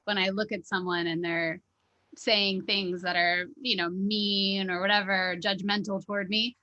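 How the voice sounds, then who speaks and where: A woman's voice: mid-range voice, little pitch movement, measured pace, sharp tone, lo-fi sound. A woman hosting a mindfulness podcast, talking casually and chattily with a guest, often tagging her points with "right?". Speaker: podcast host, mindfulness teacher. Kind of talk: conversational interview.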